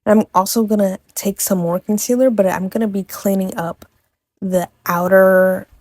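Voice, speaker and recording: Chatty young woman with a mellow voice. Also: medium pitch, steady tone, normal speed, no echo. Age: young adult. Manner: chatty and playful, with offhand asides and self-corrections. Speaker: makeup vlogger. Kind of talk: casual makeup tutorial voice-over.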